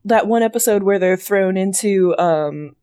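A woman's voice: mid-range voice, a little slow, dark tone, clean tone. A woman co-hosting a casual fan podcast, enthusiastic and laughing, her talk full of "like" fillers. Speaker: podcast co-host.

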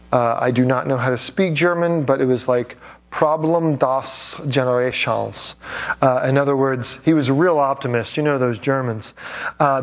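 A man giving a classroom lecture, with joking asides to the students and many fillers and restarts. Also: medium pitch.

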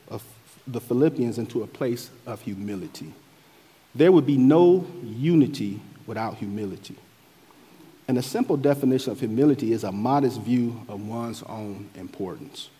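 Husky-voiced preacher in a reverberant hall. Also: male voice, mellow. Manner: rises and falls in pitch and force, preaching cadence. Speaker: pastor. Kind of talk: sermon.

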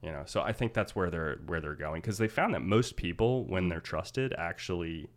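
A man co-hosting a podcast, chatting in a relaxed, rambling and jokey way. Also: sits low, normal speed. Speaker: podcast co-host. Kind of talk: casual chat.

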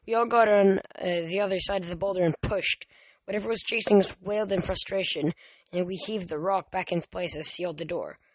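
A man's voice: sits high, fairly even intonation, brisk, no echo. A man reading a novel aloud as an amateur audiobook, often stumbling and restarting words. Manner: reads with frequent stumbles and restarts. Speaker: reader.

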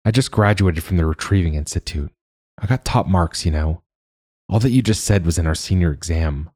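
A man voicing a calm, earnest young female recruit in an audiobook story. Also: sits low, fairly quick, no echo, clean studio sound.

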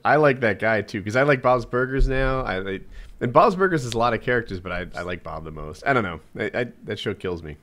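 A man's voice: lowish voice, quick pace, a bit bright. A man in casual chat, enthusiastic, stammering over his words and swearing casually.

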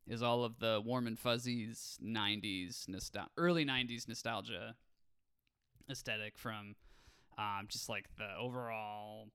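A man's voice: medium pitch, a bit bright, clean tone. A man in his thirties co-hosting a casual movie review podcast, joking and rambling with frequent laughs. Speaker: podcast co-host.

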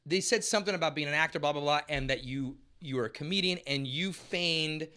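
Casting: male guest, higher bright voice, quick teasing storyteller. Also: clear, resonant tone. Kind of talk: casual chat.

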